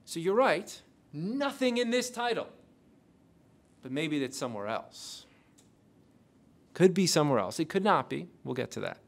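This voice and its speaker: Man, lecturer, gravelly voice, interactive classroom lecture peppered with questions. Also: a little high, sing-song. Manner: quizzes the audience with rapid questions. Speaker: lecturer on intelligence oversight.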